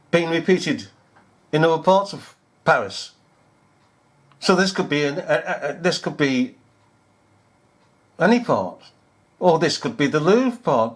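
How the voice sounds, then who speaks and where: Man, commentary over news footage, sarcastic, incredulous, lively swooping voice, slightly high. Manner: sarcastic, incredulous, repeats himself. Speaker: video commentator.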